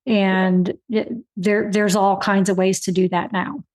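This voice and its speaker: A woman's voice: mid-range voice, little pitch movement, measured pace, a little mellow. Woman hosting, affirming and reflective. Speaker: podcast host. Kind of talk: interview conversation.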